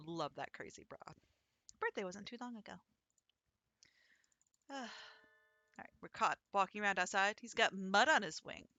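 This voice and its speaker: A woman's voice: mid-range voice, lively intonation, moderate pace, long pauses, pushed and bright. A young adult woman chatting casually over a game, rambling into stories. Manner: chatty, rambling anecdotes with acted quotes. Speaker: let's play streamer. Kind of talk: casual gameplay commentary.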